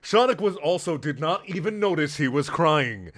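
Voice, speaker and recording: A man reading a story aloud in a sarcastic, deadpan way, with mocking asides. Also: a little high, moderate pace, dry recording. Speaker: comedic reader.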